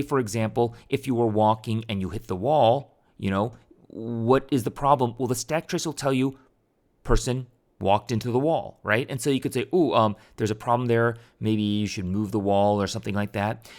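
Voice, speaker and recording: A man teaching a programming tutorial over a screen recording, talking casually and thinking aloud with fillers and restarts. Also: mid-range voice.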